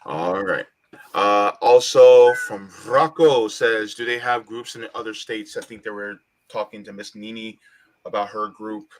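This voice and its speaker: A man hosting a livestream panel, talking in a measured, reflective way with many fillers. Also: on the low side, a little hiss or hum. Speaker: livestream host.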